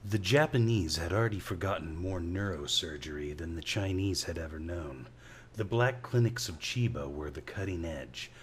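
Deep slow husky male narrator. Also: slight background noise. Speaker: audiobook reader. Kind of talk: audiobook narration.

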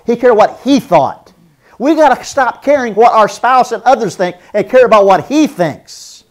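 A man teaching a marriage seminar as a pastor, earnest, repeating phrases for emphasis and acting out spoken apologies. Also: extremely high pitch.

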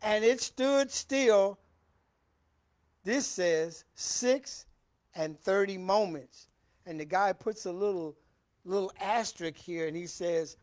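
A man teaching a Bible lesson in a church, reading scripture with emphasis and then talking loosely to the congregation. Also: high-pitched. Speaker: preacher. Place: church hall.

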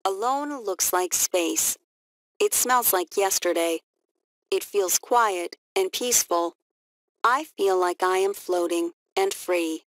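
A woman's voice: mid-range voice, slow, dry recording. A woman voicing a moody young schoolboy who bursts out with rising, frantic feelings. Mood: dreamy. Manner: excitable, rising to frantic outbursts.

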